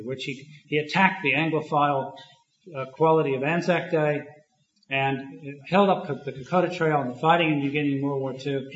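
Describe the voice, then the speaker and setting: A man's voice: a little high, fairly bright tone. Man lecturing in an echoey room. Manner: thoughtful, halting, with many restarts and fillers. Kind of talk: academic lecture. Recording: echoey, dull lo-fi room recording.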